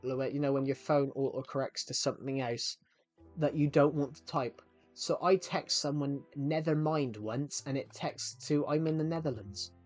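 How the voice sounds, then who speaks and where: A man's voice: mid-range voice, moderate pace, darkish tone, soft background music. A man streaming a game live, chatting to viewers in a rambling way and often cutting himself off mid-sentence. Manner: rambling, chatty, self-interrupting. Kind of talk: casual live-stream chat.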